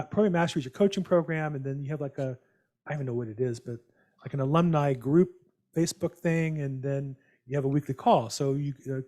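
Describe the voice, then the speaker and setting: A man hosting a real estate call, telling animated, rambling stories with many restarts over a video call. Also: medium pitch. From United States. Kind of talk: casual storytelling on a video call.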